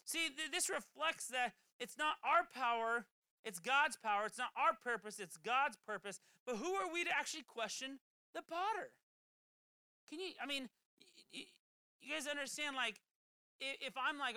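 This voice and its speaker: Chatty preacher talking casual, bright and crisp voice, dry close sound. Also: high voice, animated, normal speed, no room sound. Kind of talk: conversational sermon.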